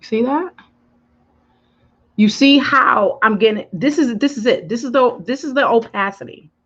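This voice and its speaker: In dull lo-fi livestream sound, a chatty beauty influencer hosts a live makeup tutorial, addressing viewers directly and answering their comments. Her voice is a little high, bright and forceful, and her delivery is unhurried yet animated and emphatic.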